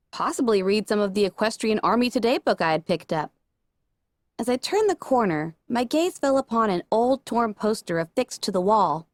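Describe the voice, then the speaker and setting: A woman reading a first-person fan fiction story aloud with expressive narration. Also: on the high side, no echo. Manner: expressive, animated. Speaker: audiobook reader.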